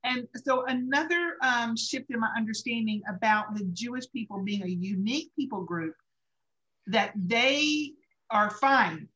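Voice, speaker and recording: Recorded with lo-fi sound, a middle-aged woman on a faith talk show tells her own story earnestly, emotion breaking into laughter through tears now and then. Her pitch is a little high and her tone sharp and animated, with a measured pace.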